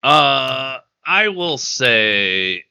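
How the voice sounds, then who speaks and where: A man running a tabletop game as game master, explaining rules in a measured, playful way. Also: medium pitch, very animated, bright, forceful tone, smooth.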